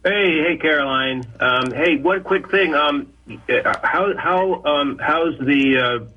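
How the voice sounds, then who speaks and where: A man speaks hesitantly in a casual chat, often pausing mid-phrase. His voice comes through a dull, lo-fi remote call line. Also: on the high side. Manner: hesitant, halting speech. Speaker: call-in guest astrologer.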